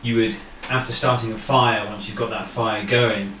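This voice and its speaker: A man narrating a tabletop game as game master, relaxed and halting, with many fillers. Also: on the low side. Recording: echoey room, distant mic, background noise.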